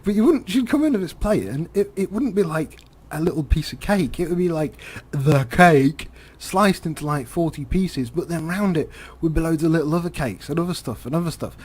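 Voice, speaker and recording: Commentating on a driving game, a man tells a meandering story in a halting way, using lots of fillers and repeated words and chuckling. His voice is fairly high and animated, yet dark in tone and husky.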